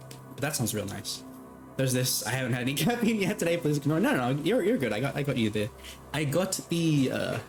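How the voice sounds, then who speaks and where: Chatty male streamer, mid pitch. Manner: chatty, laughs, talks to chat. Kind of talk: casual game stream with read-aloud dialogue.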